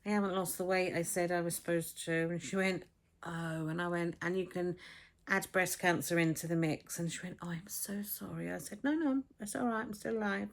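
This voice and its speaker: Frank, swearing woman in her fifties, chatting to a camera at home, voice a touch on the low side. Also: level tone, moderate pace, creaky. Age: 50s. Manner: blunt and frank, swears freely, acts out conversations. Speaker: vlogger. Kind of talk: casual chatty vlog. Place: home, with a dog barking next door. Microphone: camera on a tripod.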